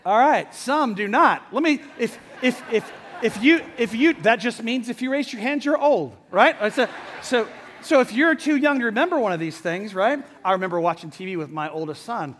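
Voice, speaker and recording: Middle-aged guy pastor giving a sermon, kinda high voice, talky and lively, lots of "right?", long echo off a big hall. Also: normal speed. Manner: lively, chatty, asks the crowd questions.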